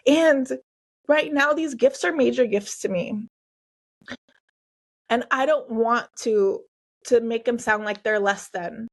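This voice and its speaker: Female host, 40s, slightly high voice; earnest, emotional solo podcast delivery with casual fillers. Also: takes it slowly, long pauses. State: tearful at times. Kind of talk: heartfelt solo podcast talk.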